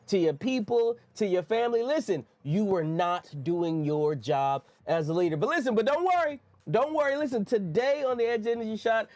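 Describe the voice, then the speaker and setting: A man with a high voice hosts a motivational podcast, pumping up his listeners and repeating phrases like a preacher. The sound is dry and close, with no room around it. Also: gravelly, darkish tone, no echo. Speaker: podcast host. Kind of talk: energetic motivational podcast talk.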